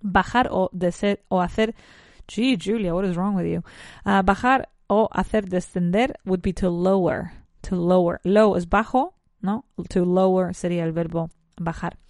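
Lady teaching english words, chatty, kinda low voice, dry close sound. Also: moderate pace, darkish tone, dry recording. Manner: switches between English and Spanish, self-correcting, chatty asides. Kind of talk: bilingual lesson, teaching English vocabulary to Spanish speakers.

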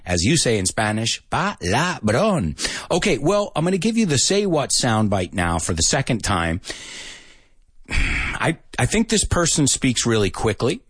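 Male live-stream English teacher, husky voice, lively swings in pitch, dry close sound. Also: a little slow, no room sound. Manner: lively, mixes in Spanish, laughs often. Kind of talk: casual live-stream lesson.

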